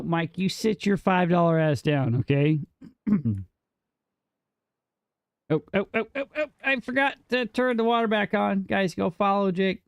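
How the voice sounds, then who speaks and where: A man's voice: high-pitched, creaky, no echo, lo-fi sound. A man streaming a game, casually bantering with his chat and teasing them in a mock-defensive way, with some casual swearing. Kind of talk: casual live gameplay chat.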